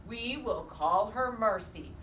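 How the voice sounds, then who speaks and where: A woman doing a flustered, fussy old gentleman. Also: on the high side, far from the mic. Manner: slow, fussy, formal. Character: flustered, formal older gentleman. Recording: echoey room, off-mic, faint hiss.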